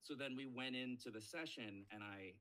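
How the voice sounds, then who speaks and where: Animated man telling stories. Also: medium pitch, moderate pace. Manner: animated storyteller, acts out quoted voices. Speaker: voice actor guest. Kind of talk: casual podcast interview storytelling.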